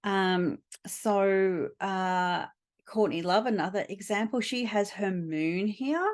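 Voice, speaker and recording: A middle-aged woman teaching astrology in a recorded lecture, unhurried, with frequent fillers and pauses. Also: mid-range voice.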